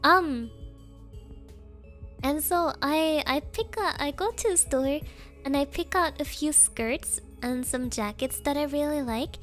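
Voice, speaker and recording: A young woman streamer telling a rambling story in casual chat, giggling often and filling pauses with ums. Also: high-pitched, fairly bright tone, faint music behind.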